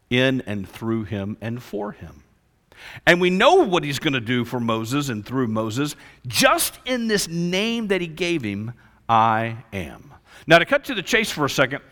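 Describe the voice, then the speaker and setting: A male pastor preaching a sermon, swinging between loud emphasis and hushed lines. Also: high-pitched. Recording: long reverb of a large hall.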